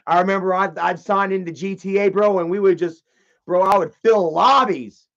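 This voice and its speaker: A man's voice: high-pitched, steady tone, moderate pace, fairly bright tone, lo-fi sound. A man telling a story in a casual, profane, rambling rant, often repeating himself. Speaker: channel host.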